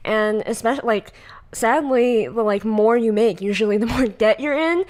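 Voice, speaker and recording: A woman's voice: fairly high pitch, moderate pace, a little mellow. A young woman from California with a Valley Girl accent, hosting a podcast in casual, chatty talk, often laughing and using fillers. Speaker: podcast host. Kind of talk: casual chat.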